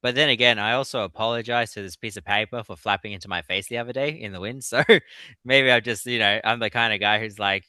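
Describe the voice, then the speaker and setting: A man, a guest author in a casual interview, telling animated stories and laughing often. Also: on the low side, fast, clean tone, no echo. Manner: animated storyteller.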